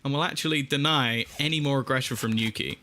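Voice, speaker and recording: A man's voice: mid-range voice, fast, bright, forceful tone. A man casting a live esports match over a headset, breaking down the plays analytically and building up during the big moments. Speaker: esports caster.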